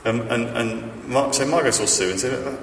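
A preacher delivers a chatty, story-filled sermon with self-deprecating humor, frequent fillers and restarts. His mid-range voice moves at normal speed but sounds distant, recorded off-mic in an echoey hall with a little hiss or hum.

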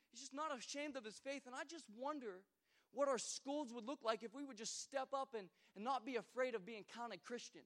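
High-voiced man preaching a sermon. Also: fairly quick. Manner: preaching with many repeated starts, swinging from loud exhortation to quiet storytelling. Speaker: pastor.

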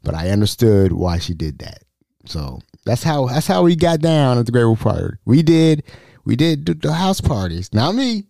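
A man spins a casual podcast story in a lively, up-and-down voice that switches into the people he quotes. His tone is dark and mellow, and the recording is dry and close. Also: mid-range voice, normal speed, gravelly, no room sound. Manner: animated, slangy, acts out the people he quotes. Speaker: podcast host.

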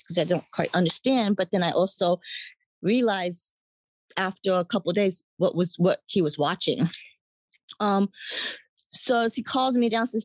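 A woman guest telling her personal story in a halting, reflective way. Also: medium pitch, no room sound. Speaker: interview guest. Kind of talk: personal testimony.

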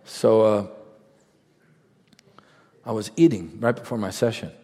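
A man preaching a sermon, telling stories conversationally and rising to fervent, shouted peaks. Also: on the low side, fairly even intonation, a little slow, vocal fry. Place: large event hall. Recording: reverberant large hall.

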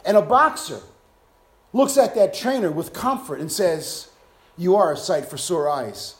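A man delivering a sermon in a high voice. He drops to a hush for tender passages, then climbs and shouts at the peaks. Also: lively intonation, a little slow. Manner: swings from soft hushed lines to loud shouted climaxes. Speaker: preacher.

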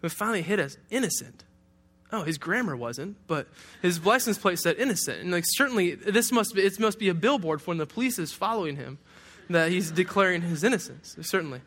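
A man's voice: high-pitched, animated, a little fast, few pauses, fairly bright tone. A young man from Detroit preaching a sermon to a congregation, conversational and humorous, with playful asides. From Detroit, USA. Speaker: pastor.

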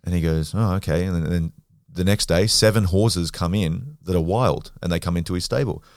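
An Australian man, a podcast guest, telling stories in a blunt, animated way and swearing freely. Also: sits low, a little fast, no room sound, studio quality. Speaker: podcast guest, grappler and former rugby league player. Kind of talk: casual storytelling.

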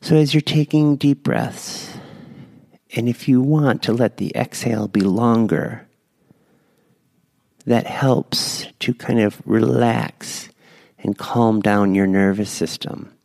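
A man guiding listeners through a slow, gentle breath prayer. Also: mid-range voice, vocal fry, no echo. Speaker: prayer leader.

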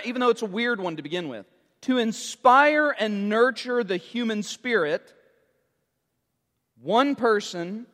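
A man's voice: high voice, bright, forceful tone, in a large hall. A man preaching a sermon as a pastor, quizzing and teasing his congregation with playful jokes.

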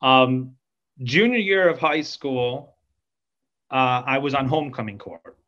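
A man's voice: mid-range voice, slow, pushed and bright, lo-fi sound. Rambling man telling a story. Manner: rambling, self-deprecating, many fillers. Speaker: podcast guest. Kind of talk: casual storytelling.

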